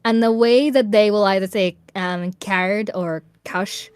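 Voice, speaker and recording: A woman from Northern Ireland with a Northern Irish accent, a voice actor chatting as a guest on a livestream in an animated, talkative way. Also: medium pitch, normal speed, clear, resonant tone, no echo. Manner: chatty, animated, laughs often. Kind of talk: casual chat on a livestream.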